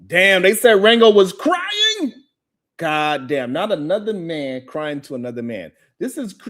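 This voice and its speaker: A man hosting a live talk show, ranting in animated, profane commentary and repeating himself for emphasis. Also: high voice, measured pace. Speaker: host.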